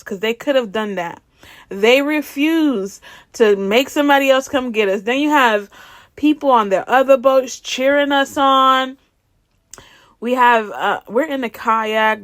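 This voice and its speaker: A woman telling a personal faith testimony in a lively way, laughing and acting out the dialogue as she goes. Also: fairly high pitch, dry recording, studio quality. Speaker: ministry speaker.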